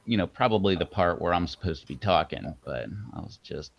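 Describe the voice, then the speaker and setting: A man co-hosting a casual live stream, laid-back and quick to laugh. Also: deep voice, animated, vocal fry, lo-fi sound. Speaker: co-host.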